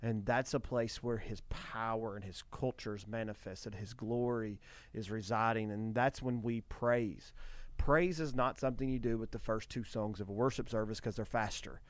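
A man's voice: lowish voice, steady tone, normal speed, no echo. Earnest man preaching in dry close sound. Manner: earnest, builds to emphatic repetition. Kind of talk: conversational preaching.

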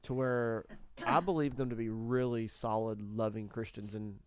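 A man co-hosting a Christian radio talk show, reflective, telling faith stories with halting restarts. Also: medium pitch, fairly even intonation.

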